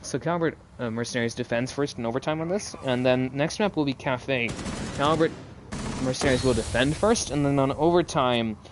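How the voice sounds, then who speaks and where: Man, solo game caster, casual rambling play-by-play, mid pitch, gunshots clearly in the background. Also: a little fast, a little hiss or hum. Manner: casual, rambling, chats with viewers between plays. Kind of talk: live esports play-by-play commentary.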